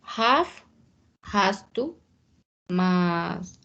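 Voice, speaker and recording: A woman student reads English example sentences out loud, very slowly and with care, pausing between words. Her voice sits in a middle range and the audio is dull and lo-fi. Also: fairly low pitch, lively intonation, vocal fry. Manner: slow, careful, halting reading. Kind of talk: reading aloud in class.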